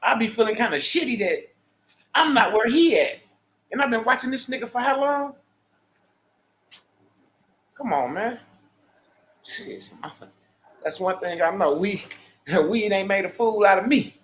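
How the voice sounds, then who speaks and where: High-voiced profane man ranting on a livestream. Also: lively intonation, unhurried, long pauses, a bit bright. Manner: profane, preachy, boastful. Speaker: livestream host. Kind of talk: unscripted livestream monologue.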